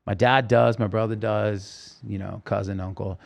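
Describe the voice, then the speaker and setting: Animated storytelling man, guest on a podcast. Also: lowish voice, normal speed, vocal fry. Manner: animated storyteller acting out quoted voices. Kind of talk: casual storytelling interview.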